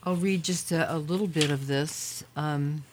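Very low-voiced female advocate, informative radio guest. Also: steady tone, measured pace, slight background noise. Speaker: guest, human rights advocate. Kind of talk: explanatory radio talk.

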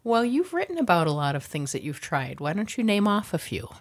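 A woman's voice: fairly low pitch, sing-song, fairly quick. A woman hosting an interview who asks her guest friendly, encouraging questions. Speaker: interview host. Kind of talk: conversational interviewing.

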